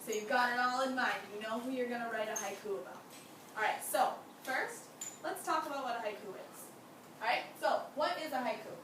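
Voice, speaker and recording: A woman's voice: fairly high pitch, fairly quick. A young woman teaching a class, who encourages her students and asks them many questions. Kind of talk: classroom lesson. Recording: echoey room from far off, background noise.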